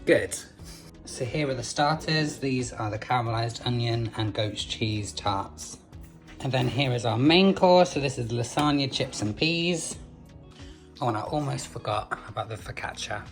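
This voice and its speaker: A man's voice: mid-range voice, measured pace, soft background music. A man vlogging casually from home, chatty, with many fillers and free swearing. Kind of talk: casual vlog chat.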